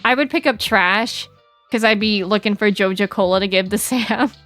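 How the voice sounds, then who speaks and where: A woman's voice: medium pitch, moderate pace, a bit bright, no echo, faint music behind. A young adult woman streaming, chatting casually with her chat in a bubbly, giggly, rambling way.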